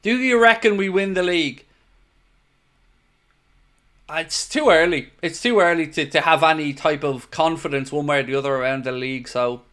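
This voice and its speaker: A man's voice: a little high, normal speed, fairly bright tone. A young Irish man hosting a football watchalong stream, chatting casually and reading out viewer comments. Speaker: watchalong host.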